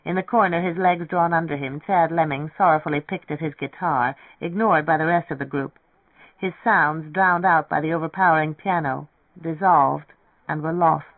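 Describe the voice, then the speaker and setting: A narrator giving a measured, steady reading of a novel. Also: mid-range voice, no room sound. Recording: tinny, dry radio broadcast.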